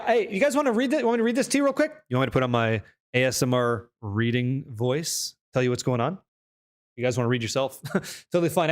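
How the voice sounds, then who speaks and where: A young man streaming a game, chatting casually with viewers, reading patch notes aloud and swearing freely when excited. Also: a little high. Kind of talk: casual live-stream chat.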